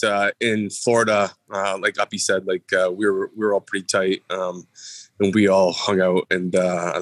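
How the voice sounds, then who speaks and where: Low male voice, halting and heartfelt, dry close sound. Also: a bit bright, no echo. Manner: halting, many fillers, heartfelt. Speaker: former teammate. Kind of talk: personal remembrance.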